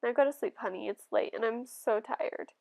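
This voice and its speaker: A woman reading the part of a weary, tender mother soothing her son in hushed, soft tones. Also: fairly high pitch, moderate pace, gravelly. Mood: tender, tired. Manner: soft, hushed, near whispering.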